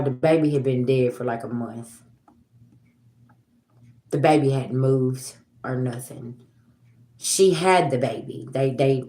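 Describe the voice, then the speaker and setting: A woman's voice: rumbling low, a little mellow, roomy sound. A woman in her forties hosting a livestream, talking bluntly and profanely to her viewers in a preachy, casual way. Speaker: livestream host.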